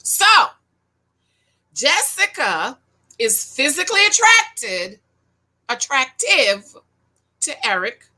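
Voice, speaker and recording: Woman, high bright voice, casual show recap, frank, animated, preachy advice. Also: slow pace, long pauses. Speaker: reality-show reviewer. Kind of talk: casual video commentary.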